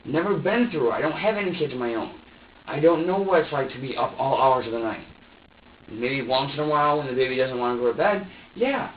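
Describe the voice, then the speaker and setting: In a police interview room, a young man with a mid-range voice talks in an animated, fairly quick way, going in circles and defending himself. The far microphone leaves the recording tinny and echoey, with a little hiss or hum.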